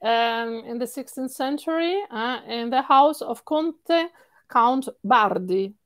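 Animated Italian-accented woman coach. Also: fairly high pitch, takes it slowly, clean tone, no echo. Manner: animated, repeats words for stress, laughs often. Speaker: singing coach. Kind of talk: interview answers.

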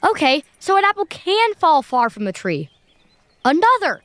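A woman's voice: very high voice, very animated, normal speed, noisy background. A woman voicing Max, a cheeky, impatient kid adventurer in a children's audio drama. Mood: playful. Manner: wisecracking, impatient.

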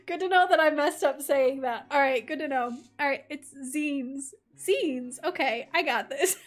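A woman streaming a game, chatting in a bubbly, giggly way and reading the game text aloud. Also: high voice. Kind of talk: casual let's-play chat with chat.

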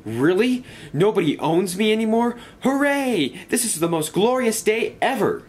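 A man's voice: mid-range voice, big pitch swings, moderate pace, natural voice. A man voicing a proud, rude male express engine who talks in a snooty, cross way. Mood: excited. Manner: snooty, cross and self-important.

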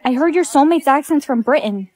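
A woman acting in comedic POV skits with a quiet, matter-of-fact delivery. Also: high-pitched, animated, fairly quick. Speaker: skit creator.

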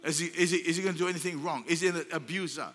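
Older male pastor, emphatic sermon delivery, slightly high voice, long hall echo. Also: racing, a bit bright. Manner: emphatic, repetitive preaching with rhetorical questions. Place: church hall. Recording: long church hall reverb.

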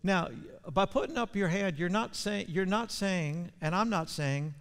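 A male pastor preaching a sermon, repeating his words and building to loud, fervent passages. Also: high-pitched, a little slow, clear, resonant tone. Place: church sanctuary. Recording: long church hall reverb.

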